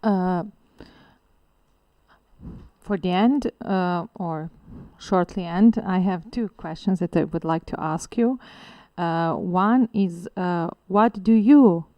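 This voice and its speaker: A woman's voice: fairly low pitch, slow, no echo, muffled recording. A woman interviewing a guest in English, asking questions hesitantly with many "uh"s.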